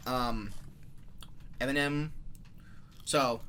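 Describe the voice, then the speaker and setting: A young man co-hosting a casual podcast, talking in halting bursts full of fillers. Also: mid-range voice, steady tone, sharp tone, slight background noise. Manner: halting, full of 'like' and restarts. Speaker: podcast co-host. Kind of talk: casual chat.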